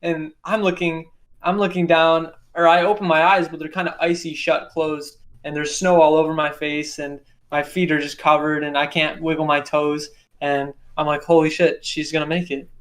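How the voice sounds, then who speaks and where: A man's voice: a little high, flat delivery, moderate pace, a bit bright. A man, a podcast guest, telling a dramatic personal story in a casual interview, repeating phrases for emphasis. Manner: intense, repetitive retelling with vivid detail.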